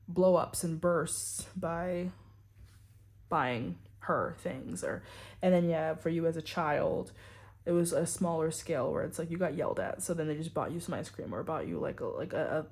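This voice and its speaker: Woman, tarot reader, low voice, mellow tone, rambling casual talk. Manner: rambling, full of "like" and "you know".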